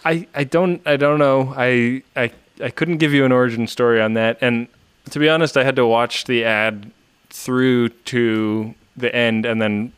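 A man co-hosting a podcast, talking in a hesitant, halting way. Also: medium pitch, steady tone, smooth, dry recording. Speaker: podcast co-host. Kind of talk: casual chat.

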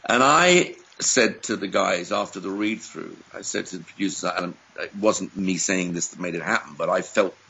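A man from England chats as a podcast guest, telling stories in a playful, animated way. His low voice has a gravelly, husky edge. The audio is dull and lo-fi. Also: normal speed, few pauses. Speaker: guest actor. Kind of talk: casual interview chat.

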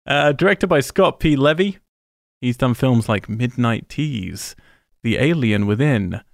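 A man's voice: mid-range voice, lively intonation, unhurried, vocal fry, no room sound. A British man with a London accent, chatting on a podcast and reeling off film credits with dry laughs. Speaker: podcast co-host. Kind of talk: casual chat.

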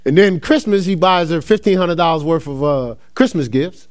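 A man's voice: on the high side, moderate pace. A middle-aged man from New Jersey preaching a sermon as a laid-back story, laughing often and calling the crowd y'all. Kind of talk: sermon with personal stories.

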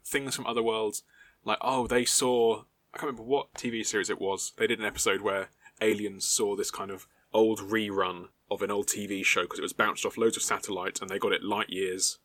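Bright-toned man, rambling. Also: on the low side, flat delivery, a little fast, no room sound. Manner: rambling, hesitant, many fillers. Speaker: podcast co-host. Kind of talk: casual chat.

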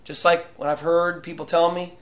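A man preaching as a pastor, pressing his listeners with emphatic rhetorical questions and letting phrases fall away quietly. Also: flat delivery, normal speed, dull audio. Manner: drops to a hushed, low tone at ends of phrases. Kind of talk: sermon.

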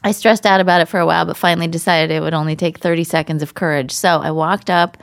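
A woman's voice: fairly low pitch, steady tone, fast, gravelly, no echo, clean studio sound. A woman co-hosting a casual podcast, reading listener emails aloud and breaking into laughing asides.

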